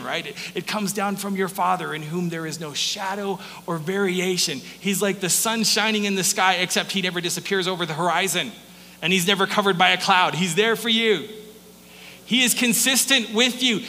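A male pastor preaches with a high, bright, forceful voice, tossing out rhetorical questions and quick asides. The sound rings with long reverb through a large hall, and a faint hum sits underneath. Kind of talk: sermon.

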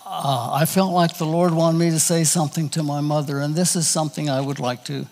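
Give me a male preacher telling a personal story in a halting, conversational sermon, his voice ringing in a reverberant church hall. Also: on the high side, fairly even intonation, darkish tone. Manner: folksy, halting, personal anecdotes.

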